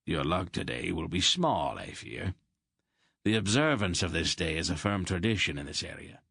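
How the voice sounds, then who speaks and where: Male narrator as a firm, courteous old farmer; deep and husky. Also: very animated, moderate pace, fairly bright tone, no room sound, clean studio sound, full character voice. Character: pious, stubborn, courteous older male farmer.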